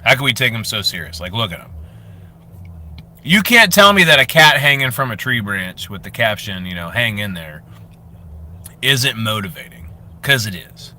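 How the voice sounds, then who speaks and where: Bright-voiced joking man from Florida. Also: on the low side, moderate pace, long pauses. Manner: animated joking storyteller, reads chat aloud. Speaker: fitness livestream host, former drill sergeant. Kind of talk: casual livestream chat.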